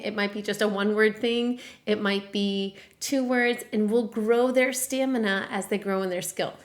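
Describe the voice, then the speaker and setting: Encouraging woman teaching reading. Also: fairly high pitch. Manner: encouraging, sing-song modeling of sounds to a child. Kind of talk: instructional demonstration.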